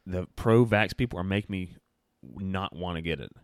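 A man with a very deep, low voice rambles through opinions in a casual podcast chat, often restarting his sentences mid-thought. The sound is dry and close to the mic. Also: lively intonation, normal speed, dry recording. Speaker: podcast co-host.

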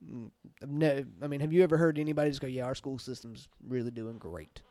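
A man with a Southern country accent, co-hosting a casual podcast chat, talking in an animated, profane and sarcastic way. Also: medium pitch, fairly quick, dry recording. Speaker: podcast co-host.

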